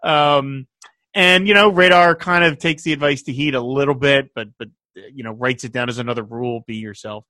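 A man co-hosting a casual chat, animated, laughing often and quoting lines. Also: mid-range voice, brisk, no room sound, studio quality. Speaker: podcast co-host.

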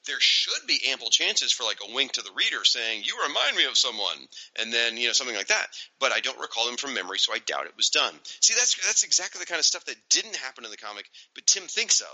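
A man's voice: mid-range voice, very animated, fast, few pauses, sharp tone. A man co-hosting a casual podcast, reading listener mail and laughing often. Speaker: podcast co-host. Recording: dull lo-fi sound.

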